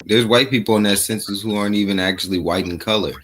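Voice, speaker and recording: A man's voice: on the low side, fast, fairly bright tone. A man calling in to a debate stream, defensive and casual, swearing and saying "bro" often. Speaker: caller challenging the host. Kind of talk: heated debate.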